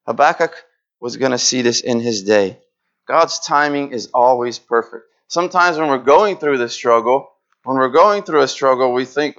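A man's voice: medium pitch, normal speed, fairly bright tone, lo-fi sound. A man preaching a sermon in an earnest way, repeating phrases and acting out pleading prayers.

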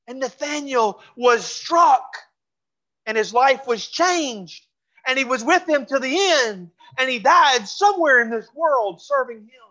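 A pastor preaching a sermon in a church, fervent and repeating phrases for emphasis, dropping to a hush for closing pleas. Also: high-pitched, animated, a little slow, muffled recording. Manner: drops to a hushed voice for closing pleas. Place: church sanctuary.

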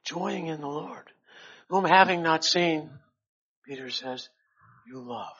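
A male preacher delivers a sermon at a slow, unhurried pace, his voice bright and a little husky. He swells loud on key words and then sinks to near a hush. The recording is dull and lo-fi. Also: a little high, expressive.

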